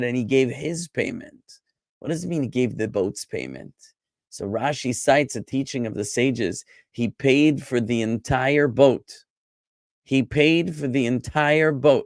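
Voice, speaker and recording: A rabbi teaching a Hebrew class over a video call, lively and chatty, joking with his students. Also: medium pitch, a little slow, dry recording, studio quality. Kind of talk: online class lecture.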